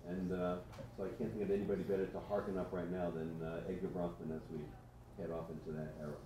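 A man's voice: low voice, level tone, quick pace. A man delivers a memorial tribute, rambling and hesitant, stopping often on fillers. His voice comes from a distance in a very echoey hall. Faint ambient noise sits behind him. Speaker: memorial speaker. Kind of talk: personal tribute speech.

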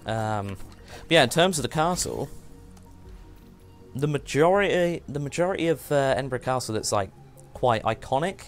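A man's voice: medium pitch, expressive, moderate pace, long pauses, soft background music. A man hosting a casual game livestream, chatting in a rambling way and often trailing off and restarting. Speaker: livestream host. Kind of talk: casual gameplay chat.

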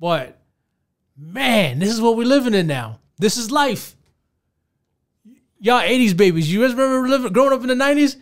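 Podcast host, man, thirties, high register, casual profane rant delivered straight to listeners. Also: sing-song, moderate pace, long pauses. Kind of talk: casual ranting commentary.

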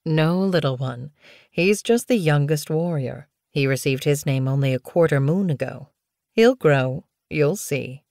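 A calm mother cat speaks in a low, soothing voice with patient firmness , as a woman reads her. The sound is close and dry, like a studio audiobook. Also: unhurried, creaky, no room sound. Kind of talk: audiobook character voice.

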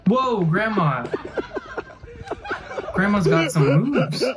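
A woman's voice: lowish voice, very animated, very slow, crowd noise. A woman hosting a reaction video, casually commenting on funny clips with exclamations and chatty asides.

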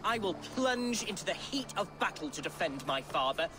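A man's voice: high voice, big pitch swings, moderate pace, noisy background. An actor playing a boastful, flowery young male nobleman in a video game, speaking in a pompous, theatrical manner. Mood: grandiose.

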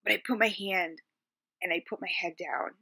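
Woman vlogger, lowish pitch, bright edge, halting, lots of fillers, soft and subdued. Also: steady tone, husky. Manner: halting, searching for words, frequent fillers. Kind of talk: personal storytelling to camera.

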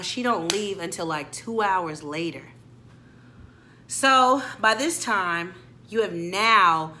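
A woman's voice: fairly high pitch, pushed and bright, a little hiss or hum. A young adult woman, telling a dramatic story and acting out every character. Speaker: storyteller vlogger. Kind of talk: storytime vlog.

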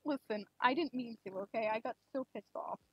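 A young woman streaming a game, chatting casually and rambling with lots of fillers, gushing excitedly at times. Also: a little high, a little fast, slightly rough, no room sound. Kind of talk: casual live-stream chat. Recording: dull lo-fi stream mic.

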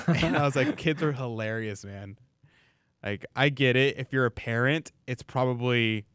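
A man hosting a talk radio show, telling stories and reading listener messages at an easy pace. His voice is smooth and clear, recorded dry in a studio. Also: mid-range voice, dry recording. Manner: relaxed storytelling, reads listener messages. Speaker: radio host. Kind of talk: casual talk radio chat.

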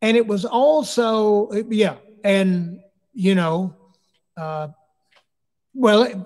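High-voiced bishop in an echoey hall. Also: male voice, very slow, long pauses, darkish tone. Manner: earnest, anecdotal preacher's way of talking. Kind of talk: speaking at a church community forum. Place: church hall. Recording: long echo of a large hall.

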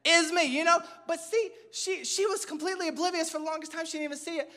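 A male pastor delivers a funny, story-driven sermon to a live church congregation, animated and poking fun at himself, repeating lines for emphasis. He speaks very fast in a very high-pitched voice.

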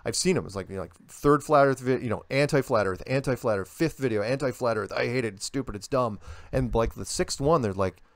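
An older man, a guest in a casual interview, telling stories in an animated way and acting out the voices he quotes. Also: mid-range voice, fairly quick, hardly any pauses, no room sound.

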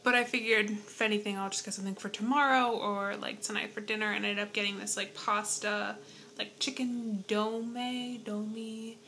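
A young woman vlogging casually from her bedroom into an iPad, rambling with lots of "like" and soft whispered asides. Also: mid-range voice, little pitch movement, normal speed. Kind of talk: casual chat to camera. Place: bedroom at home. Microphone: iPad propped on bed.

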